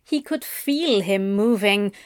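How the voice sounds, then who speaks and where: A woman narrating an audiobook in an expressive, unhurried storytelling manner. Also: mid-range voice, clear, resonant tone, no echo, clean studio sound.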